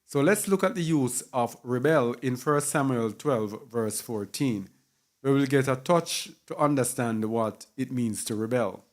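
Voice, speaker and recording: A man's voice: mid-range voice, measured pace. A man teaching a sermon with emphasis, repeating key words and spelling some out letter by letter. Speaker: Bible teacher.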